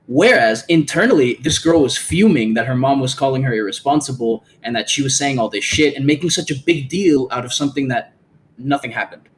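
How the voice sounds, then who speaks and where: A man with a mid-range voice hosts a podcast, with a little hiss or hum in the audio. He chats casually and animatedly, swears freely, and acts out the lines of the people in his stories.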